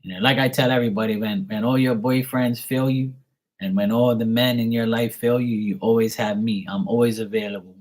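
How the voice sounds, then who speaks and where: A man's voice: medium pitch, fairly even intonation, brisk. A middle-aged man reading tarot on a live stream, chatting casually and bantering playfully with viewers in the chat.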